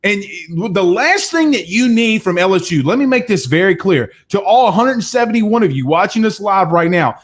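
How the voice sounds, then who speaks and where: A man hosts a live sports talk show, reading out viewer comments and answering them. His voice sits a little high, and he drives each point home with emphatic repetition. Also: fairly quick, hardly any pauses. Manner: animated, emphatic, repeats phrases, addresses viewers directly.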